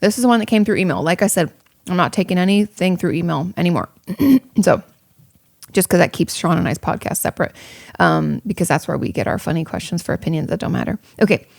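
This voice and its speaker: A woman's voice: fairly low pitch, expressive, quick pace, creaky, a little mellow, no echo, studio quality. A woman therapist hosting an advice podcast, talking casually and frankly with many fillers as she answers listener questions.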